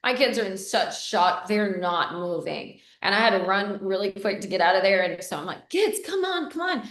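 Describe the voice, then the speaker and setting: A woman's voice: medium pitch, fairly even intonation, normal speed, a bit bright. A woman vlogger telling a personal story in a candid, direct way, addressing her viewers with many fillers. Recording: roomy echo.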